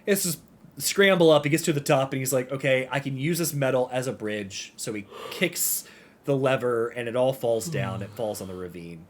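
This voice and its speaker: With a mid-range voice at ordinary speed, a male podcast co-host gives a relaxed, wandering summary of a game. Along the way he acts out lines from the characters.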